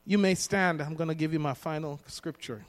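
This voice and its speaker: A man's voice: fairly high pitch, normal speed. A man preaching a sermon to a congregation, emphatic and repeating key phrases for them to echo. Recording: long reverb of a hall.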